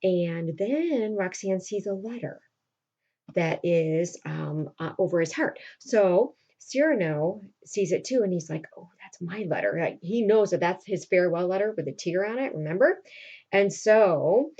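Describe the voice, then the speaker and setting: A woman's voice: fairly low pitch, lively intonation, measured pace, darkish tone, lo-fi sound. Chatty woman teacher retelling a play. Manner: casual, chatty, asks the class questions.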